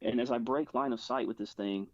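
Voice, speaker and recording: A man speaks as a guest at medium pitch and a brisk pace, the audio dry with no room sound and the highs cut off. He rambles through a personal story in casual spoken storytelling, packed with "like" and restarts.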